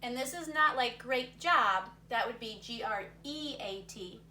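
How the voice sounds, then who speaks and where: A woman teacher speaks in a slightly high, bright, forceful voice, animated yet unhurried. She talks young students through a word game during a recorded reading lesson, cheering them on and reasoning aloud. The recording is distant and roomy, with faint noise.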